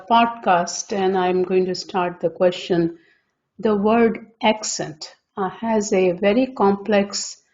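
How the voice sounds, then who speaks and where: A woman opening an interview and asking a question slowly, with hesitant pauses. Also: mid-range voice, darkish tone. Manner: slow, hesitant, with fillers. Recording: dull lo-fi audio.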